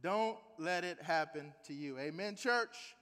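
A man preaching a sermon as pastor, animated and emphatic, tossing rhetorical questions at the congregation. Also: a little high, measured pace, in a large hall.

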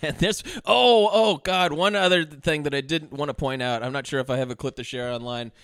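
Man, podcast co-host, bright tone, chatty, laughs while retelling scenes. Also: on the high side, fairly quick, clean tone, no room sound, clean studio sound. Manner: laughing, mimics lines in exaggerated voices. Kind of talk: casual movie review chat.

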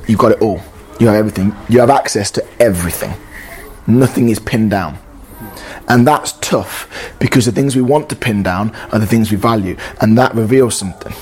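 A man's voice: lowish voice, a little fast, a little mellow, slight background noise. A man preaching an informal sermon, earnest and conversational, reading scripture and acting out inner dialogue.

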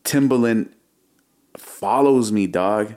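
A man in his thirties, a music producer as interview guest, telling a story in a slangy, animated way and acting out what he said back then. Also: on the low side, takes it slowly.

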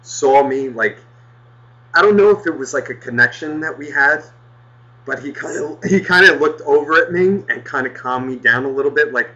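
Brief: male podcast co-host, sharp bright voice, foul-mouthed exasperated storyteller, muffled lo-fi audio. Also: medium pitch, moderate pace. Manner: profane, exasperated, heavy swearing. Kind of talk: casual storytelling rant.

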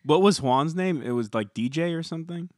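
A man's voice: fairly high pitch, animated, brisk, no room sound. Young guy podcast co-host, dry teasing humor, dead dry studio mic. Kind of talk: casual chat.

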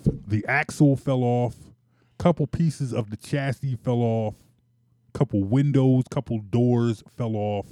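Exasperated sports talk host, mellow voice. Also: male voice, mid-range voice, takes it slowly, no room sound. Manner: exasperated, animated, repeats himself.

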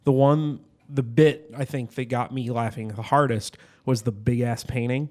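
Podcast guy, laid back, rambles a bit, middle pitch. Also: moderate pace. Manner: relaxed, rambling, quotes lines with laughter. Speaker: podcast co-host. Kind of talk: casual chat.

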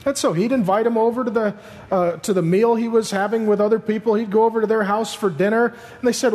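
A pastor in his thirties preaches with a strikingly high voice, acting out the voices in his stories and joking with the crowd. His voice rings out through a large hall with a long echo. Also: a little fast. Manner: animated storytelling, acts out voices, joking. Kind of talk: sermon.

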